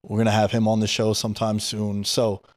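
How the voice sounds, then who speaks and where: A man's voice: on the low side, completely flat delivery, brisk, dry recording, clean studio sound. A man with a New York accent, hosting a podcast and telling a story in casual, slangy talk, swearing freely. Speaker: podcast host. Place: podcast studio.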